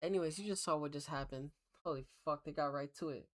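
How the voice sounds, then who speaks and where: A streamer reacts to clips with loose, rambling commentary full of swearing. The voice sits at a middling pitch, and the delivery is casual and unpolished. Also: fast talker.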